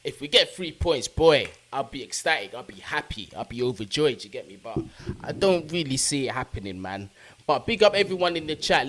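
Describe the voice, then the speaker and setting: A young man hosting a live football fan stream, casually giving shout-outs to viewers in the chat with plenty of slang. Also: medium pitch, a little hiss or hum. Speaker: football fan channel host.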